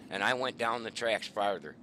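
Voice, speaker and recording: A middle-aged man, the host, casually telling hunting stories in a profane, animated way. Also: fairly low pitch, moderate pace, a little hiss or hum. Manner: profane, animated, swearing often. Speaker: show host.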